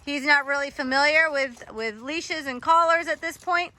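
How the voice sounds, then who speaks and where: A woman's voice: high voice, moderate pace, pushed and bright. A woman dog trainer coaching a trainee in an encouraging, instructive way.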